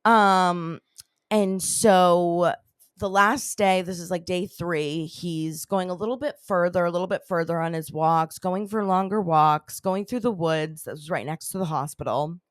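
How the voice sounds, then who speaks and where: A woman's voice: lowish voice, unhurried, no room sound, studio quality. A woman hosting a podcast, casually telling a strange story in a rambling way, full of "like" and "you know.". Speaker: podcast host.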